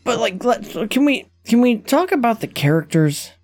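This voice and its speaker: A man's voice: very high voice, sing-song, moderate pace, gravelly, darkish tone. A young man co-hosting a casual movie podcast, enthusiastic and rambling, often restarting his sentences. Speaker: podcast co-host.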